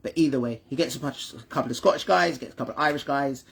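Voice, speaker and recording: Husky and creaky, this mid-range male voice belongs to a fast talker. He's a father and channel host in a casual chat telling his son about football history. Stumbles lead him to repeat and restart words, and he frequently asks "right?" and "you understand me?"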